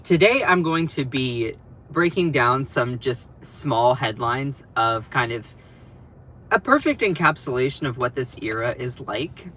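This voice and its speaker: A man's voice: medium pitch, animated, a little slow, bright, forceful tone, slight background noise. A young man hosting a casual livestream from home, chatty and rambling, self-deprecating, with laughs and restarts. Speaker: livestream host. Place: at home over breakfast.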